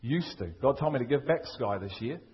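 A man's voice: medium pitch, lively intonation, brisk, slightly rough, muffled recording. A man with a Liverpool accent preaching a sermon, emphatic and full of rhetorical questions. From England. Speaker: pastor.

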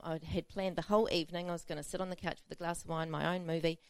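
A woman's voice: lowish voice, steady tone, fast, few pauses, fairly bright tone, smooth, no echo. A woman pastor preaching a sermon, telling a self-mocking personal story with frequent laughter.

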